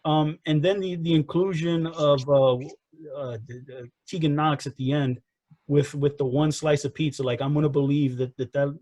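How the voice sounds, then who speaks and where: A man's voice: fairly high pitch, steady tone, normal speed, darkish tone, dry recording. A man co-hosting a casual wrestling review podcast, rambling and repeating himself as he gives his opinions. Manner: rambling, repeats himself, frequent "you know" and "again". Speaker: podcast co-host.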